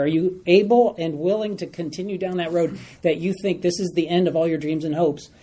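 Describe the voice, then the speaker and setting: Animated man teaching a Bible class. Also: high voice. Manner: animated, repeats phrases, asks the class questions.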